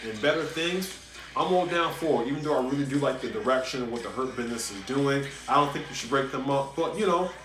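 A man hosting a casual wrestling review, talking animatedly and repeating himself when he gets worked up. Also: medium pitch. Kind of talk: casual solo review commentary. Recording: echoey room with faint noise.

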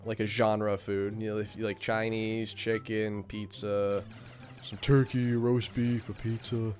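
A man hosting a casual gaming chat, relaxed, swearing and laughing often. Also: on the low side, unhurried, soft background music. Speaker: gaming channel host.

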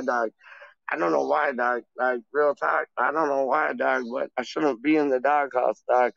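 A man's voice: on the high side, vocal fry, no echo, muffled recording. A man hosting his own channel, chatting casually in slang and rambling on a livestream, calling everyone "dog". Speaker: channel host. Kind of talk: casual livestream chat and freestyle rap.

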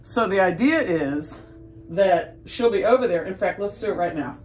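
A woman dog trainer explaining a training drill in a calm, steady way, with coaxing sing-song talk to the dogs in between. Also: medium pitch, moderate pace, slight background noise. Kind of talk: hands-on training demonstration. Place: indoors with dogs. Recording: roomy sound from a distance, faint music.

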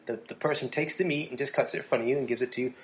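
Brief: male podcast co-host from New Jersey, mid-pitched, loose rambling storyteller who acts out little voices. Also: very fast. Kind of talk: casual chat.

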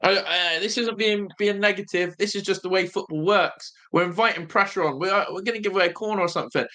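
A young man hosting a live football watch-along, nervous and excitable, groaning low one moment and shouting with joy the next. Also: fast talker. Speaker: fan watch-along host.

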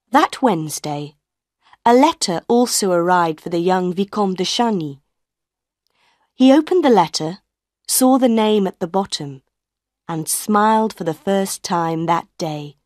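Slow, measured woman narrator. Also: on the low side, dry recording, clean studio sound. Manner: slow, clear, measured reading. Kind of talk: scripted audiobook narration.

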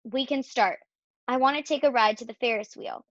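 A woman doing an excitable young girl. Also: normal speed, no echo, highs cut off, lightly acted. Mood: eager. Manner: high, emotional, urgent.

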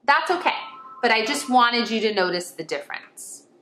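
A woman's voice: fairly high pitch, lively intonation, moderate pace, pushed and bright, roomy sound, a little hiss or hum. A woman teaching kindergarten children in an online lesson, exclaiming and sing-song as she talks to them as friends.

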